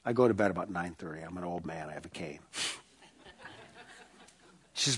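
A man preaching a sermon, telling a personal story with animated bursts, quiet asides and rhetorical questions to the congregation. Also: low voice, brisk, pauses often, breathy edge. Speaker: pastor.

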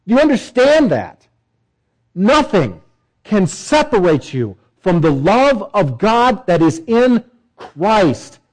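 A male pastor delivering a sermon, emphatic, with swelling pitch and repeated phrases. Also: very animated, slow, poor audio.

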